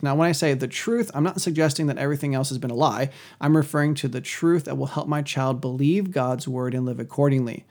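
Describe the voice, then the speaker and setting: A man hosting a podcast, giving a measured, scripted teaching on Christian parenting. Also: on the high side, a little mellow. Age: adult parent.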